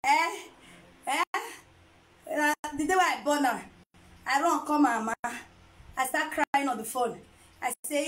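High-voiced woman, playful and laughing. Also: a little slow, pauses often, a bit bright, low-quality recording. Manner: playful, laughs often, teasing. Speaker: vlogger and mother. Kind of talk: casual chat to camera.

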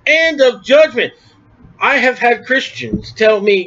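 A male preacher delivers a forceful, emphatic sermon. His voice sits high for a man. The recording sounds dull and lo-fi. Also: lively intonation, a little slow.

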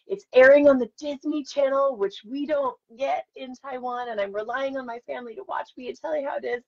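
A woman in her forties, an actress chatting with fans and telling stories on a live stream while signing autographs. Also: fairly high pitch. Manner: chatty, self-deprecating, storytelling. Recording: dull lo-fi stream audio.

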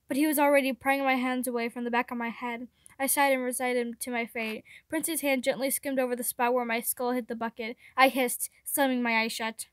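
A woman reading a fan fiction chapter aloud, steady with occasional stumbles over words. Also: high-pitched, normal speed, dry recording, studio quality. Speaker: reader.

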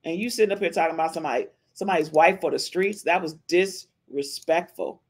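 A podcast host with a lowish voice talks fast, offering casual reaction commentary on a livestream. She's emphatic and chatty, often tossing in a questioning "okay?".

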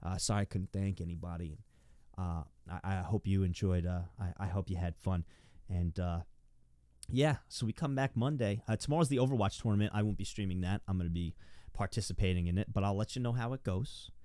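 A man's voice: low-pitched, fairly quick, dark tone, no echo, studio quality. Rambling, stammering young male streamer. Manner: rambling and stammering, eager thanks to viewers. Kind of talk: live stream chat.

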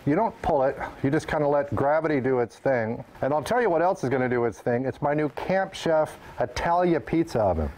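A man's voice: on the high side, darkish tone, slight background noise. A man hosting a cooking show, talking folksy and chatty while he makes pizza. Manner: chatty, folksy kitchen talk. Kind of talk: upbeat cooking demonstration.

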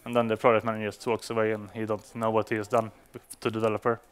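Halting man giving a tech talk. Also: fairly low pitch, completely flat delivery, clear, resonant tone. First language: Swedish. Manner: hesitant, many fillers and restarts. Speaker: conference speaker. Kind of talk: conference talk.

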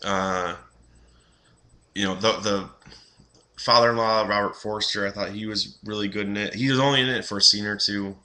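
A man's voice: on the low side, steady tone, moderate pace, pauses often, pushed and bright. A young man giving a casual, rambling film review, full of fillers and restarts.

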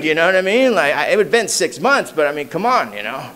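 Man, 30s or older, a bit high-pitched, casual slangy storyteller at a recovery meeting who softens at the heavy moments. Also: animated, fast, few pauses. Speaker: AA meeting speaker. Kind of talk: personal recovery story told to a crowd. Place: meeting hall.

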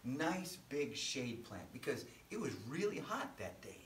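A man's voice: mid-range voice, very animated, a little slow, a bit bright, a little hiss or hum. A man leading a children's church service, telling a Bible story in a playful way with sound effects. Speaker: children's pastor. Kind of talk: animated Bible storytelling for kids. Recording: roomy, from mic distance.

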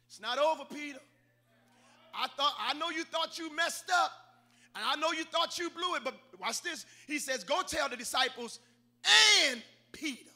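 Bright, high-voiced preacher man. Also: lively intonation, normal speed. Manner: call-and-response preaching, shouting climaxes. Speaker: pastor. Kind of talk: sermon. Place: church sanctuary.

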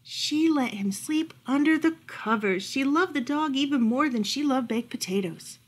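Lady librarian reading a bedtime picture book, soft expressive storytelling, highish voice. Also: moderate pace, a little hiss or hum. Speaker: children's librarian.

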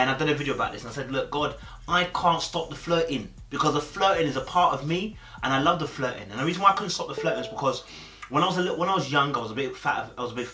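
A man's voice: mid-range voice, pushed and bright, roomy sound. A young man talking casually to camera, chatty and streetwise, often checking in with "you understand?". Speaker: host.

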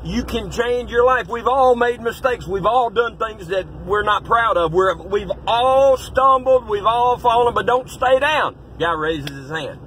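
A middle-aged pastor talks with a high, sharp, ringing voice. He preaches bluntly and folksily, pushing up into shouts. A faint hum of traffic sits behind him. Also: animated, measured pace, hardly any pauses, poor audio. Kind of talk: fiery preaching-style pep talk.

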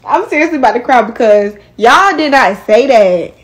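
A woman's voice: a little high, expressive, moderate pace. A young woman talking frustrated to her viewers in a casual vlog. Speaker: vlogger.

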